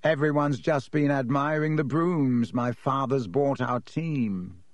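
A man's voice: mid-range voice, takes it slowly, no room sound, natural voice. Man doing Malfoy, a smug spiteful boy. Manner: smooth, smug, sneering.

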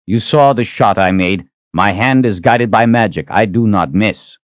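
A man voicing a defiant young male hero who wields magic, speaking forcefully and with measured threats. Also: fairly low pitch, dry recording, muffled recording, natural voice. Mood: commanding.

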